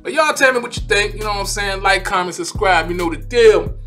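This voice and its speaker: Fired-up man ranting, high bright voice. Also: brisk, soft background music. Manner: animated, exasperated, repeats "man" and "you know what I'm saying". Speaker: vlogger. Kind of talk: heated casual rant.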